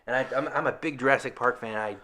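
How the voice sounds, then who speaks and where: A man's voice: mid-range voice, fast, crowd noise. A man in casual podcast chat, rambling through self-mocking stories and laughing often. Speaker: guest co-host.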